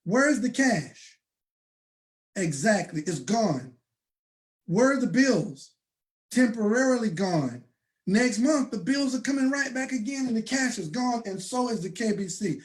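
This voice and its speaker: A man giving a motivational sales talk to an audience, emphatic and preacher-like, with bursts of shouting and slow, stressed phrases. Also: very high voice, animated. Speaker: presenter.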